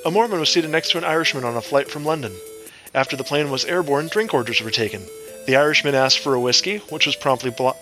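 A man's voice: on the high side, bright, forceful tone. A man co-hosting a podcast in casual comedic chat, making dry, wry quips. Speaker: podcast co-host.

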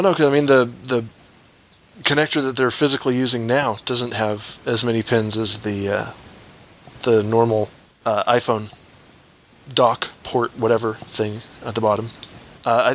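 Bright-voiced man explaining tech. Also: mid-range voice, fairly even intonation, normal speed, dull audio, slight background noise. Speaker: podcast co-host. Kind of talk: casual podcast chat.

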